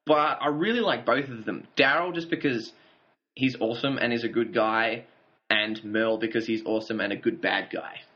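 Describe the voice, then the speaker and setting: Guy chatting through a tv season review, mid pitch, dull lo-fi audio. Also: normal speed, pushed and bright. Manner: recaps plot, chuckles often. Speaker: podcast co-host. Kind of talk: casual TV review chat.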